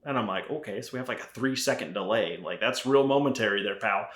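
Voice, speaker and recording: A low-pitched man tells a long, winding story in a loose, swearing, conversational way. He is a middle-aged guest on a podcast. The room around him rings with a noticeable echo. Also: quick pace, fairly bright tone. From Arizona, USA. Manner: profane, rambling storyteller with frequent fillers. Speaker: podcast guest, rifle company founder. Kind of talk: casual chat. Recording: roomy echo.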